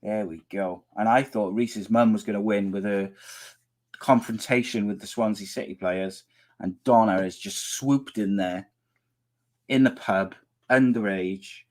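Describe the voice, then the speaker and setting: Hoarse, rambling podcast host. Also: male voice, lowish voice, fairly even intonation, a little slow. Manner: chatty, teasing, rambling with many restarts. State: losing his voice. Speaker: podcast host reading viewer comments. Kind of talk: casual live chat.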